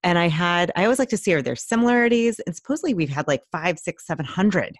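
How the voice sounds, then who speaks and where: A woman's voice: fairly low pitch, lively intonation, fast, no room sound. Enthusiastic woman guest, close and dry. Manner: enthusiastic, earnest, laughs often. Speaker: podcast guest, author. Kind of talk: casual chat.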